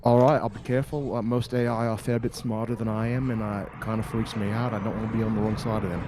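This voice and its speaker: A man's voice: fairly low pitch, steady tone, fast, noisy background. A man playing his character in a tabletop game, joking in a put-on accent. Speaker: player. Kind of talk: in-character tabletop role-play.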